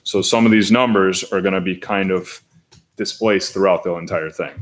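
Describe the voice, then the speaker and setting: A man at a school board meeting, explaining budget figures and talking his way through them with restarts and pauses. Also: low-pitched, fairly even intonation. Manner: hesitant, thinking aloud with restarts. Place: meeting room.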